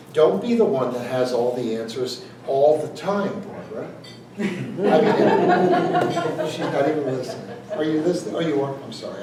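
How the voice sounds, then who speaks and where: A man's voice: a little high, very noisy. A man giving a jokey, conversational motivational speech to a live audience, quizzing the crowd as he goes. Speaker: motivational speaker. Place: event hall with audience. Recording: echoey room, distant mic.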